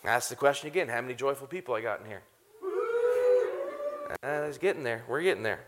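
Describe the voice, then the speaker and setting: A man in his thirties preaching a sermon to a live congregation, animated and often laughing as he talks to them directly. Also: mid-range voice, fairly quick, heavy background noise. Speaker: pastor.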